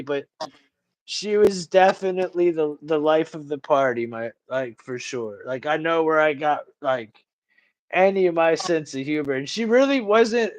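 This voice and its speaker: A man hosting a livestream in casual chat, rambling and slangy, calling people bro and dude. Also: a little high. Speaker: livestream host.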